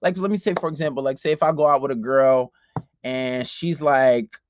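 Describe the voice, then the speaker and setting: A man's voice: mid-range voice, fairly even intonation, normal speed, slight background noise. A man telling a profane story in a casual podcast chat, acting out the quotes. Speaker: podcast host.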